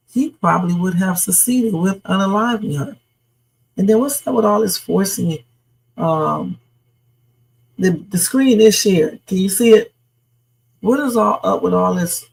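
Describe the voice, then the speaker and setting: Streamer hosting a casual news chat live; rough, husky voice, talks loosely to viewers. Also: medium pitch, a little mellow, rough recording. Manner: chatty, reacts to news and reads viewer comments. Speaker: livestream host. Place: home streaming setup.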